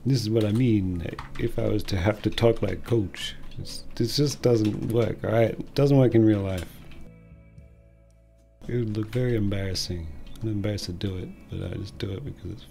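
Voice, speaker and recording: A man's voice: lowish voice, moderate pace, creaky, warm tone, faint music behind. A man with an Australian accent who hosts his own channel, giving a casual comedic rant and rambling in a joking, self-mocking way. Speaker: channel host.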